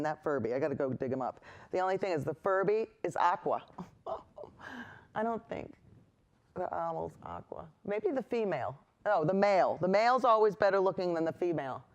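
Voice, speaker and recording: Rambling, reassuring painting teacher. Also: medium pitch. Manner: rambling, reassuring, wanders into personal asides. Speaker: painting instructor and host. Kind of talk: chatty on-camera painting lesson.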